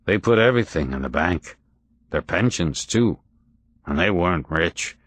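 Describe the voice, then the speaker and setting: A man voicing a shaken older male neighbour who speaks in a quavering, halting way. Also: low-pitched, animated, fairly bright tone, no echo. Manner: hesitant, halting.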